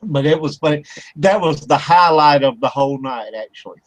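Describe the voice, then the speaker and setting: On a rough, dry recording, a man with a voice on the high side talks at normal speed. He's hosting an internet radio talk show from a home studio, telling a rambling, filler-heavy story with lots of laughter in casual chat.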